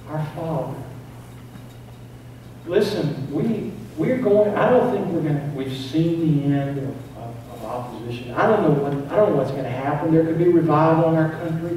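Man preaching in an echoey church. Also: a little high. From East Tennessee. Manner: preaching with rising emphasis and repeated phrases. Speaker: pastor. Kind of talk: sermon. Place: church sanctuary. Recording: very echoey church, distant mic, faint noise.

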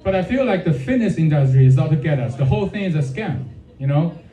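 A male comedian works through a crude stand-up set on a club stage and keeps teasing the crowd. His voice is raised but dark. It sounds roomy, as if the mic sits back from him. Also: a little high, lively intonation, fast talker. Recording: echoey room, mic off at a distance.

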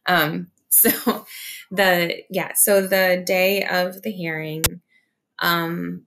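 A woman with a lowish, gravelly voice recounts her union fight over a video call. She talks earnestly and with feeling, stopping often with "um" and "like" to restart her thoughts. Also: level tone, very slow, a bit bright, slight background noise. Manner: earnest, emotional, many fillers and restarts. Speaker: union organizer guest.

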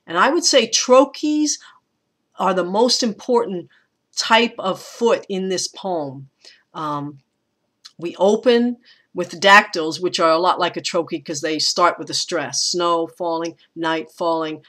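Bright-voiced teacher scanning verse aloud. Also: medium pitch. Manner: reads verse aloud slowly, pressing out stressed syllables; informal, thinks aloud with small restarts. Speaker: college English teacher. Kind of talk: recorded lecture on poetic meter.

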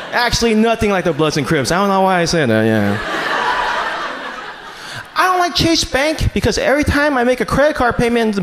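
Male stand-up comic with a lively delivery. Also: very high voice. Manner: deadpan self-mocking delivery with sudden shouted punchlines. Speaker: stand-up comedian. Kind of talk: stand-up comedy set. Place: small comedy club stage. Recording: noisy comedy club ambience.

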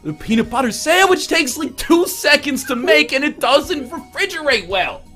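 A man's voice: very high-pitched, animated, moderate pace, sharp tone, faint music behind. A man in casual group chat on a stream, ranting heatedly and laughing. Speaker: streamer on a talk show.

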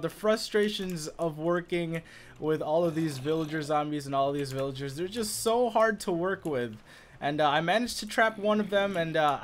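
A chatty, excitable man commentating his own gameplay for viewers, in a slightly higher-than-average voice. He rambles with plenty of "uh"s. Faint keyboard clicks sit behind him. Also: a little hiss or hum. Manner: chatty and excitable, many filler "uh"s. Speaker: gaming video host. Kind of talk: casual let's-play commentary.

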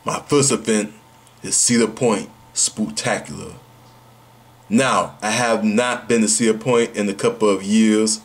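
A man vlogging to his viewers in a brash, slangy way, asking himself rhetorical questions and then answering them. His voice sits low and sounds a little husky. He takes his time and drawls each line out slowly. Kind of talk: casual vlog announcement.

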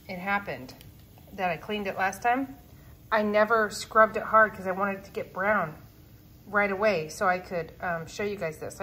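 A woman's voice: mid-range voice, pushed and bright, slight background noise. A woman vlogging at home in her kitchen, chatting casually and rambling with lots of fillers as she cleans. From California, USA.

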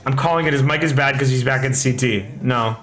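A young man streaming live, chatting excitably, reading chat aloud and swearing a lot, on a slightly echoey desk mic with faint music behind. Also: mid-range voice, a little fast. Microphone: desk microphone.

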